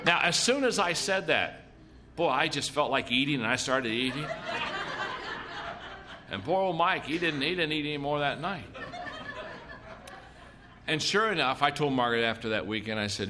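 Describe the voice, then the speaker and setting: Speaking at normal speed with long pauses, this medium-pitched man has lively intonation, and background noise is audible. He's a middle-aged leadership seminar speaker, sharing folksy tales and emphatically repeating himself.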